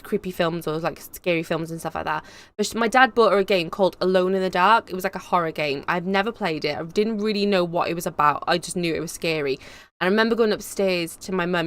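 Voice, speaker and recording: A woman's voice: fairly low pitch, quick pace, fairly bright tone. A young woman hosting a casual live stream, reading out chat comments and rambling cheerfully with lots of fillers. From England. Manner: chatty, bubbly, rambling with fillers. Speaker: YouTube host.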